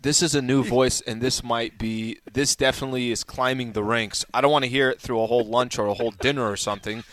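Mid-pitched man hosting sports talk. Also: quick pace, dry recording. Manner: animated, argues basketball points. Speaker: host. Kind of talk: casual sports radio talk.

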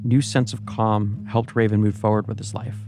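A male narrator reads a scripted documentary story in a measured, even delivery. His voice is low and gravelly, with little rise and fall in pitch. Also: soft background music.

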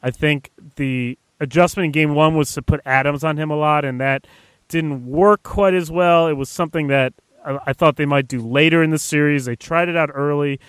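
A man's voice: fairly high pitch, fairly even intonation, normal speed, smooth, no room sound. Analytical man on a dry mic. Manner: analytical, hedging with "I mean". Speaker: co-host and editor. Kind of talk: casual sports analysis chat.

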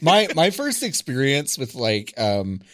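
A man's voice: medium pitch, sing-song, a little slow, fairly bright tone, dry recording, studio quality. A man in his thirties co-hosting a podcast, telling profane, joking stories in casual comedic chat. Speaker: podcast co-host.

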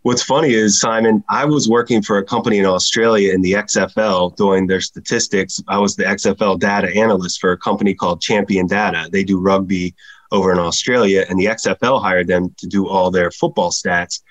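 A man speaking as a podcast guest, telling a story in a measured, plainspoken way. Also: deep voice, fairly even intonation. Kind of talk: conversational storytelling.

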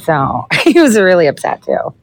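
A woman's voice: fairly low pitch, wildly swooping pitch, moderate pace, rough recording. Sarcastic, profane woman ranting. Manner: sarcastic, profane, mocking asides. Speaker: political podcaster and candidate. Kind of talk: casual ranting monologue.

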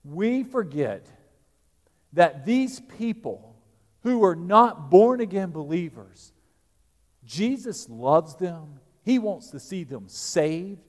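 A pastor preaches a sermon in a voice a little high for a man, sing-song and slow. He swings between loud, emphatic peaks and quiet, dropped asides, with long church reverb trailing behind.

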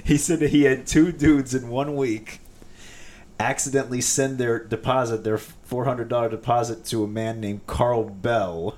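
A man's voice: medium pitch, steady tone, moderate pace, darkish tone. A man co-hosting a casual podcast chat, chiming in often and telling his own stories. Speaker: podcast co-host.

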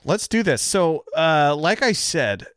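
A man's voice: on the high side, sing-song, slow, fairly bright tone, no room sound, clean studio sound. A man who produces and co-hosts a casual podcast, upbeat and jokey as he runs through announcements.

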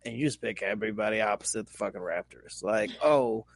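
A man's voice: fairly low pitch, quick pace, gravelly, no room sound. A man co-hosting a sports podcast, swearing freely and telling stories with energy. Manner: profane, animated storytelling. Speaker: podcast co-host. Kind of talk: casual sports chat.

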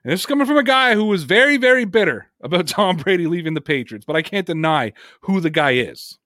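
A man's voice: high voice, sing-song, fast, sharp tone, no room sound, clean studio sound. Emphatic man hosting a sports podcast. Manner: emphatic, talkative, reads chat comments aloud. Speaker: podcast host. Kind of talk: casual sports talk.

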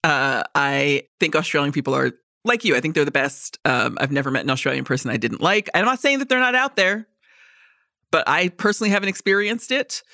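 A woman's voice: deep voice, animated, fairly quick, pushed and bright, no echo, studio quality. A woman co-hosting a podcast, chatting casually and frankly, with some swearing. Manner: frank and profane, reads listener emails aloud. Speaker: podcast co-host. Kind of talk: casual chat.

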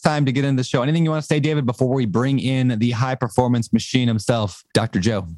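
A man hosts a podcast in a loose, jokey way, rambling and poking fun at himself. His voice sits at a middling pitch. The sound is close and dry. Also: fairly even intonation, fast talker, a little mellow, no echo. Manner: jokey, rambling, self-deprecating. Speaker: podcast host. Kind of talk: casual podcast chat.

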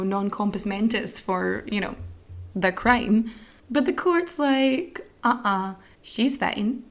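A woman's voice: fairly high pitch, darkish tone. A woman hosting a podcast, telling a true story in a casual, snarky, sweary way. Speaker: podcast host.

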